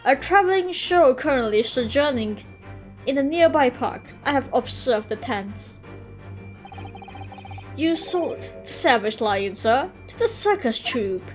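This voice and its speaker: A woman reading the lines of a pompous gentleman detective aloud from a game, with stumbles over the florid words. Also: sits high, expressive, unhurried, faint music behind. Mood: grandiose.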